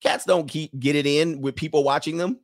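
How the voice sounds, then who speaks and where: Speaking at a normal speed in a steady, fairly high voice, this host of forty-plus delivers casual comedy on a live show. He spins crude, slangy anecdotes and now and then acts out voices.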